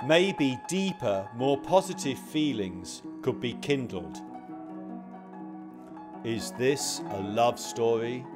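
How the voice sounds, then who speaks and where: A man's voice: mid-range voice, animated, slow pace. A man giving a whimsical, declamatory scripted narration. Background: music.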